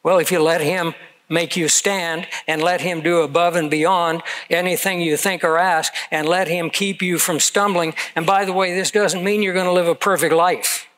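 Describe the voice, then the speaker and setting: An older man in his seventies delivers a sermon, slipping easily into personal stories. His voice sits a little higher than most men's, and his delivery is earnest and conversational. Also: steady tone, normal speed, a bit bright, rough recording. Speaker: pastor.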